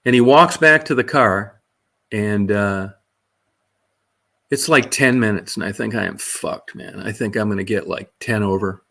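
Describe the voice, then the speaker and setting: A man's voice: on the low side, a little slow, vocal fry, pushed and bright. Blunt, profane storyteller man. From Michigan. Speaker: vlogger. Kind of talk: casual storytelling.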